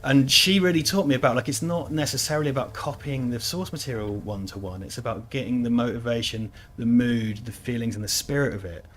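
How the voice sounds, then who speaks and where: A man's voice: medium pitch, brisk, hardly any pauses, fairly bright tone. A man in his thirties chats loosely while playing a game, drifting from topic to topic. He swears freely and laughs often. A faint hiss sits behind his voice. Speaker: let's play host. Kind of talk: casual gameplay chat.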